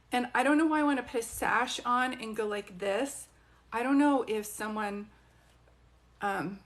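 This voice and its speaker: A woman with a slightly high voice gives live psychic readings for viewers. She talks in a chatty, rambling flow and keeps stopping to ask them questions. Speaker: psychic medium. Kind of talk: live social media readings.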